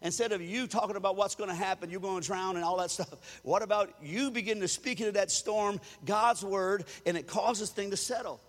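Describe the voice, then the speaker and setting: A man preaching a sermon as pastor, animated and preachy, rising into loud shouts. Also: high-pitched, fairly quick, hardly any pauses, long reverb tail.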